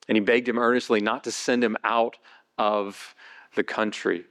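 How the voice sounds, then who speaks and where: Pastor preaching with vivid storytelling. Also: male voice, normal speed. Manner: vivid storytelling, builds to excited high retelling. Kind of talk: sermon.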